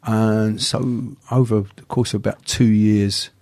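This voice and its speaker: A man's voice: fairly low pitch, flat delivery, a little slow, a little mellow, no room sound. An older man, a martial arts teacher telling stories as a guest in a casual interview, often stammering on the first sounds of words.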